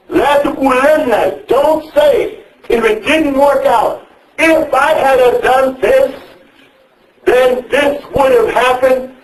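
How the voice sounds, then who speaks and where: A man lecturing young people in a mosque, questioning the audience and repeating his phrases. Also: very high-pitched. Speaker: speaker advising young people. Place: mosque hall. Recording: echoey hall, mic at a distance.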